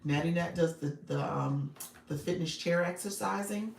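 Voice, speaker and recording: Reading chat at normal speed, a woman with a fairly low, gravelly voice coaches her live-stream audience, upbeat and repetitive, laughing and addressing viewers by name. The room echoes, she sits far from the mic, and there's slight background noise.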